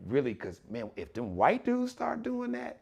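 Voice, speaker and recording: An animated man hosts his own live show, talking with preachy conviction. His voice sits a little high and swings widely in pitch. He acts out other people's voices as he goes. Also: moderate pace, creaky, husky, dull audio. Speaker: show host.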